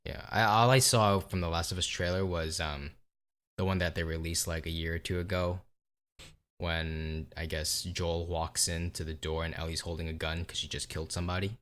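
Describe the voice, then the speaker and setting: A man with a very low, deep voice talks through a laid-back podcast chat about video games. He teases his co-host and drops casual swears along the way. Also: moderate pace. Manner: relaxed, teasing, swears casually.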